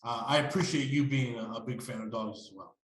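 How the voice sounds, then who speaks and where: A man's voice: medium pitch, brisk. A man hosting an interview, rambling with many restarts. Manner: rambling, full of restarts and fillers. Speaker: host. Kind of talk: casual interview chat. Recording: roomy echo.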